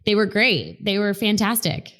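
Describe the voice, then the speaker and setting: A woman's voice: mid-range voice, expressive, moderate pace, a bit bright. A woman hosting a casual podcast interview, chatty and enthusiastic, with a loose, conversational way of asking questions. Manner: chatty, enthusiastic, uses fillers like "like" and "you know". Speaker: podcast host.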